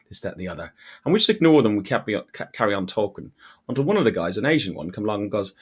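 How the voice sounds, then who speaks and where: Irish-born guy hosting a casual podcast, lowish voice, chatty, keeps restarting his sentences. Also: big pitch swings, rapid-fire, fairly bright tone, husky. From Ireland. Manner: chatty, stumbles and repeats words when starting sentences. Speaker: podcast host. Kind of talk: casual chat.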